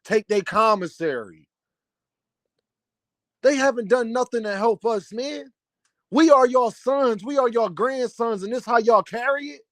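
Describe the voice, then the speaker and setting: A man's voice: very high-pitched, unhurried, fairly bright tone, no echo, studio quality. Heated young man scolding his elders. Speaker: commentator. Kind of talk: opinion rant to camera.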